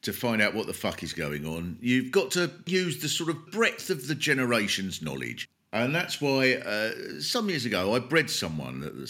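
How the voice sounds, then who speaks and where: Animated, sardonic man. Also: mid-range voice. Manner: sardonic, wry teasing. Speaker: comedy podcast host. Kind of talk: comic banter.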